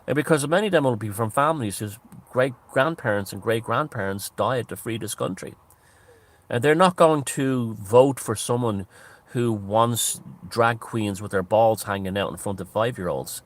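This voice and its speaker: A man with an Irish accent delivering a scornful, ranting political monologue, sometimes mimicking others. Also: fairly low pitch. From Ireland. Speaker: political commentator. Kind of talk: monologue commentary.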